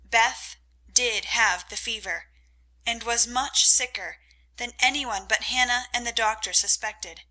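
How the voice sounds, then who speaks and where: A woman narrating a classic novel in measured, scripted audiobook style. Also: a little high, sharp tone, rough recording.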